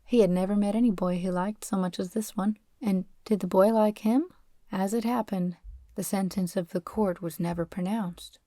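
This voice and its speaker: A woman narrates a classic novel for an audiobook, her reading steady and expressive. Her voice is mellow and warm, set at an ordinary pitch. The sound is dry and close to the microphone. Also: normal speed, dry recording.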